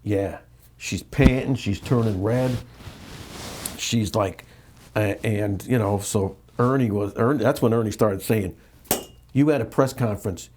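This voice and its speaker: A man's voice: fairly low pitch, unhurried, noisy background. A middle-aged American man, an interview guest, telling a candid story with many restarts and acted-out quotes. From United States. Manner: animated, repeats and restarts, acts out quotes.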